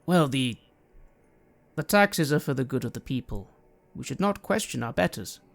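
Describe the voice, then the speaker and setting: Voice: medium pitch, animated, normal speed, creaky. Narrator doing a stern male champion.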